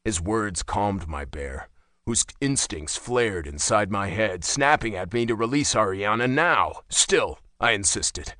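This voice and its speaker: A man reading a first-person romance audiobook with dramatic, expressive delivery. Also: on the low side, measured pace, dry recording, studio quality. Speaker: audiobook narrator.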